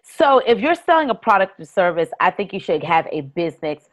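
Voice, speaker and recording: A woman guest giving energetic, coaching advice in an interview. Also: lowish voice, a little fast. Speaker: guest, live video strategist.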